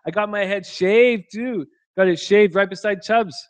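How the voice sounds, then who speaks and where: A man's voice: high voice, normal speed, dry recording. A man hosting a live sports betting stream from a hotel room, reading viewer chat aloud in a crude, joking way and laughing often. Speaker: sports betting show host.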